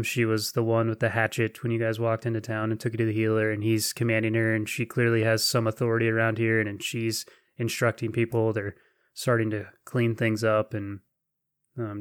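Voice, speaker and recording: Game master, male, steady flat delivery, dry booth sound, gentle and slow. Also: fairly low pitch, no room sound. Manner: gentle, slow descriptive narration. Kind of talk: narrating a tabletop game.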